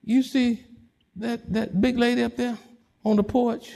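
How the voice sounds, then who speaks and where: A man's voice: extremely high pitch, level tone, measured pace, gravelly, dark tone, voice pushed up, exaggerated voice. A man voicing a joyful, snaggletoothed old country man in overalls who testifies that the Lord gave him everything. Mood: testifying. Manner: exuberant, testifying.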